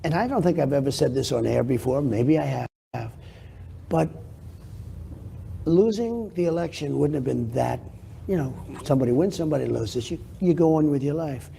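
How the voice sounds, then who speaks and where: There's a little hiss or hum as an older New York interview guest speaks at normal speed, animated while he gives rambling, self-promoting TV answers that circle back to repeat his points. His voice is very dark and gravelly, a bit higher in pitch than most men's.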